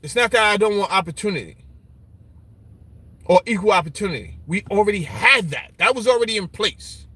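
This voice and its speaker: A man's voice: high voice, fairly quick, slightly rough, dry recording. A man talking in a casual, mocking way, answering viewer comments with lots of repetition. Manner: animated, mocking, repeats "you understand?". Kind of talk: casual opinion talk. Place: Brooklyn.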